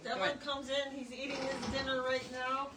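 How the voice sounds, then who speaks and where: A woman guiding a live-stream tour of a horse barn, relaxed and full of "um"s. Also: high voice, moderate pace, noisy background. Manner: relaxed, many fillers. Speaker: sanctuary guide. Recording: distant mic, crowd around.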